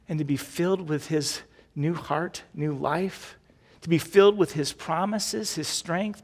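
A man's voice: fairly high pitch, gravelly, long reverb tail. A male pastor preaching a sermon with a repetitive, building cadence.

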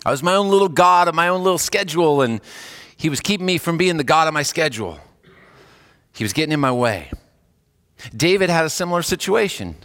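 A man's voice: a little fast, a bit bright, long reverb tail. A man, a hospice chaplain, giving a casual, conversational sermon and acting out the people he quotes. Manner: conversational, acts out quoted voices with jumps in pitch.

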